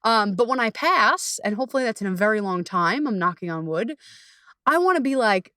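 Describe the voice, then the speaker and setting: A young adult woman coach hosts her own podcast in a loose, animated solo talk. She swears freely, laughs often and leaps into high, excited bursts. The sound is dry and close to the mic, with no room behind her. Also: moderate pace, no room sound.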